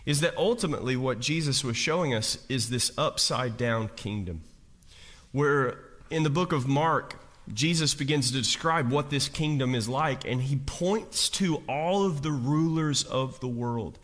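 Male pastor, mid-pitched, casual joking preaching with lots of restarts, reverberant church hall. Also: unhurried, fairly bright tone. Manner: chatty, jokey, asks the congregation questions, many restarts. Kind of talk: conversational sermon.

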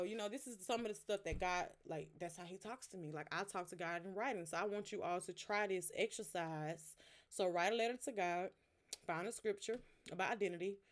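A woman hosting a podcast, giving a relaxed, conversational devotional teaching. She talks straight to her listeners and stops to explain words one at a time. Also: fairly low pitch. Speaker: podcast host.

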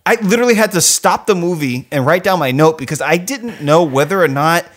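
A man's voice: fairly high pitch, expressive, a little fast. A man co-hosting a casual podcast about a film, swearing freely and acting out quotes from the movie. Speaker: podcast co-host. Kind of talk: casual movie review chat.

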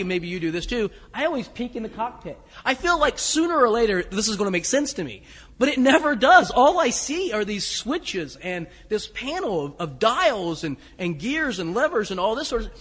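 A man preaching a sermon in a relaxed storytelling way, chuckling at himself as he goes. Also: sits high, slightly rough. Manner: storytelling, conversational, self-deprecating with chuckles. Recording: long hall reverb.

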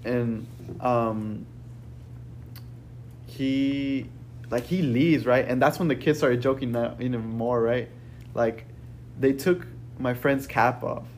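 A young man casually telling a rambling, profane story to friends, peppered with "bro" and "right?"; he says he is a little high. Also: takes it slowly, pauses often, a little mellow, a little hiss or hum.

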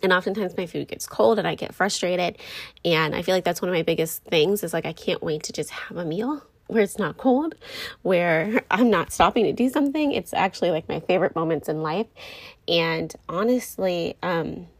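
A woman's voice: on the low side, normal speed. A young woman, a mom, talking candidly and rambling a little to her viewers, often correcting herself mid-sentence. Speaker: mom vlogger. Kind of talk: casual talk to camera.

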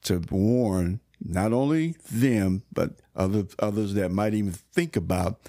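A man's voice: on the low side, unhurried, mellow, no room sound, studio quality. A man speaking as a church minister in an earnest, exhorting conversation, restarting often and pushing up into sudden emphatic bursts. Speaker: church minister co-hosting a faith discussion.

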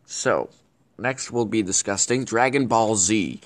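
A man hosts a comedic character vlog in the role of a bumbling, scheming villain. His natural voice sits fairly low and runs a little slow as he rambles on, stumbling and correcting himself.

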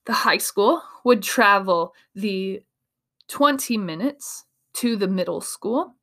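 A woman's voice: mid-range voice, takes it slowly. A woman from Iowa giving an emphatic motivational talk as a speaker and coach. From Iowa, USA. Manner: animated, emphatic, acts out quoted voices.

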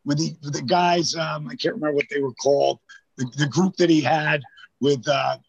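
A man's voice: on the high side, fairly even intonation, normal speed, gravelly, husky, no room sound, lo-fi sound. An older man telling rambling, profane anecdotes in casual chat, acting out the lines of the people in his stories. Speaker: storyteller guest.

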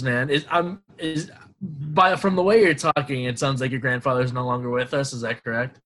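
An excitable male host gushes and exclaims through a casual interview, laughing freely between his questions. His voice sits at an everyday pitch for a man. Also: moderate pace.

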